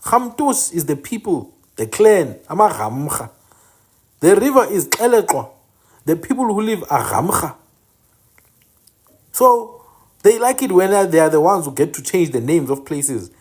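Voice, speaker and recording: A man's voice: a little high, sing-song, unhurried, pauses often, husky. Insistent man teaching. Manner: emphatic, corrects names insistently and repeats them. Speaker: channel host teaching indigenous place names. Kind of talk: informal teaching monologue.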